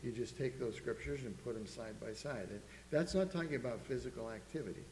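A man's voice: mid-range voice, expressive, a little fast, a little mellow. A man preaching a sermon, earnestly reading scripture aloud to a congregation in a church. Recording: echoey hall with faint hum.

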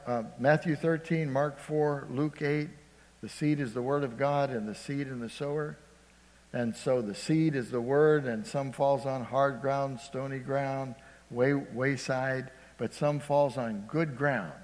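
A man preaching a sermon as pastor, calling out "Amen?" to the congregation and swinging between loud emphasis and hushed storytelling. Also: mid-range voice, fairly even intonation, a little slow. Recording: long hall reverb.

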